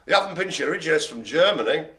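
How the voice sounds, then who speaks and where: A man with a bright, ringing voice that swings up and down as he hosts a live bingo game. He plays the showman, jokes and chuckles between calls, and addresses the audience grandly. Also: fairly high pitch, expressive, racing. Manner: theatrical jokey showman who laughs often. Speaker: host calling dog bingo. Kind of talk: live comedic bingo hosting. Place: room with colleagues present.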